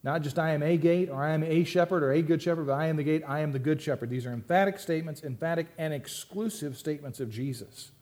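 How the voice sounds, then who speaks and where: A pastor preaches to his church, reading scripture and explaining it conversationally with emphatic rises and asides. His voice is fairly high and somewhat dark, and he talks fast with hardly any pauses.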